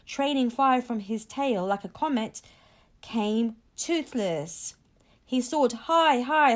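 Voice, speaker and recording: Female read-aloud narrator, expressive and unhurried, slightly high voice. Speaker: storyteller. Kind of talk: children's book read-aloud.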